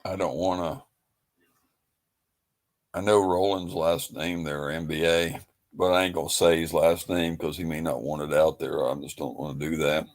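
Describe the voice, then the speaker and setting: A man's voice: very deep voice, fairly even intonation, moderate pace. A man hosting a livestream, talking in a rambling, folksy, laid-back way. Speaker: livestream host. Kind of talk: casual livestream chat.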